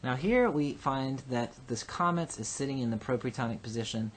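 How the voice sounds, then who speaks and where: A man teaching a recorded Hebrew grammar lesson. He explains patiently and slowly, with frequent ums and uhs. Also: mid-range voice. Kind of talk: recorded lecture.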